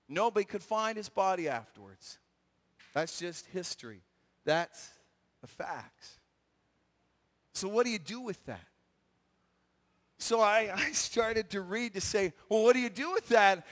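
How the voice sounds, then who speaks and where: Lively male retreat speaker, high bright voice, acts out scenes, big hall reverb. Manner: lively storyteller acting out scenes with shouts. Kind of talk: animated sermon.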